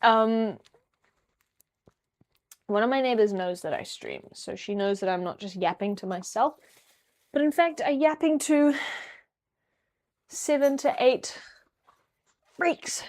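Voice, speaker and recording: A young woman chats casually on a live stream while packing, rambling, joking and poking fun at herself. Her voice is on the high side with a darkish tone, and she talks at a measured pace with long pauses.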